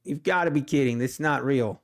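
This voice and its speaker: A man's voice: medium pitch, a little fast. A middle-aged man, chatting casually on a trading livestream, laid-back and joking. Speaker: day trading livestream host. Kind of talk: casual live-stream chat.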